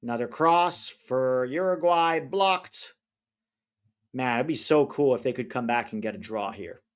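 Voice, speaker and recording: A man's voice: medium pitch, measured pace. Rambling man chatting on a livestream. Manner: rambling, chatty, loses track of names mid-sentence; opinionated and easygoing. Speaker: livestream watch-along host. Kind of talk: casual livestream chat, reading viewer comments.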